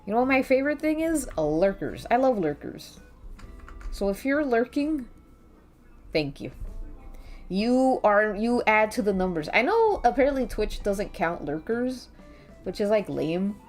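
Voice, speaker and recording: A woman's voice: mid-range voice, sing-song, a little slow, darkish tone. A woman with a light Latina accent, chatting casually with her stream chat in a playful, talkative way. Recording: faint background music.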